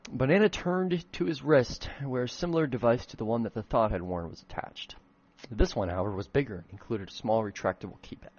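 A man's voice: on the low side, a little mellow, breathy edge, dull audio. A man reading his own old fan fiction aloud in a comedic dramatic reading, breaking off for self-mocking, swearing asides.

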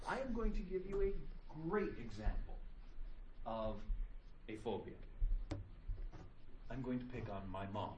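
A middle-aged man lectures a classroom in a casual, joking way, swinging his pitch up and down as he tells stories. A faint room hum sits under his voice. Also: expressive, measured pace, long pauses. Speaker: teacher.

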